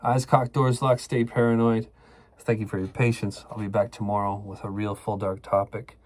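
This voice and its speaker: A man's voice: fairly low pitch, little pitch movement, normal speed. A man hosting a show, telling a personal story in a casual, profane, rambling way with lots of fillers. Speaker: podcast host.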